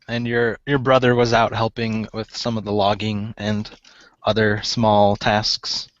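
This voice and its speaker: A man narrating as game master of a tabletop game, halting and full of fillers as he describes the scene. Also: lowish voice, completely flat delivery, no room sound, lo-fi sound. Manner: hesitant, many fillers and restarts.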